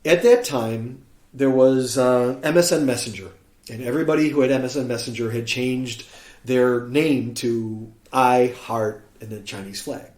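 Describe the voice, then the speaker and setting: A man from Chicago tells a long story as a podcast guest, slipping into the voices of the people in it. His pitch is mid-range for a man. The recording has a roomy echo. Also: moderate pace. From Chicago, USA. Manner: animated storyteller who acts out quoted speech. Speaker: guest musician.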